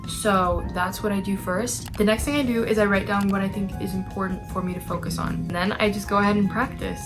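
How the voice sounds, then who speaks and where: A young actress chatting casually to her camera at home, self-deprecating and bubbling over with excitement at times. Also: medium pitch. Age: young adult. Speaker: actress and vlogger. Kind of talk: casual vlog chat to camera. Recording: music playing behind the voice.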